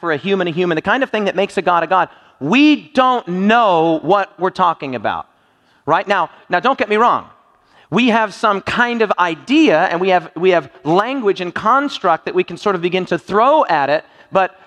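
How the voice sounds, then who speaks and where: High-voiced joking preacher in a hall. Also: male voice, fairly bright tone. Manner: jokey, quizzes the audience with playful questions. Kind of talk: sermon. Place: church hall. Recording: long reverb of a large hall.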